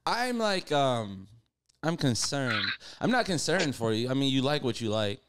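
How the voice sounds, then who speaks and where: A young man co-hosting a podcast in casual chat, laid-back and joking, quick to push back on a caller. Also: mid-range voice, sing-song, noisy background. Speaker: podcast co-host.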